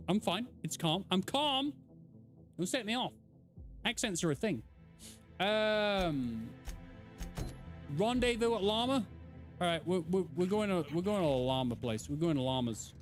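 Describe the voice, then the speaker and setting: An animated English man on a live game stream, chatting with his viewers and swearing freely. His voice runs high and swings a lot in pitch. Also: measured pace, pauses often, faint music behind. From England. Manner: animated, swearing, answering chat. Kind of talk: casual live-stream chat while gaming.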